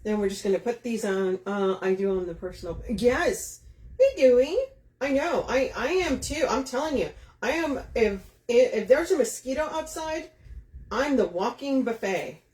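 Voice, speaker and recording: A woman's voice: fairly high pitch, lively intonation, moderate pace, darkish tone. A chatty woman, hosting a live craft demo, talking to viewers by name and laughing often. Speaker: craft shop host. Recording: echoey room.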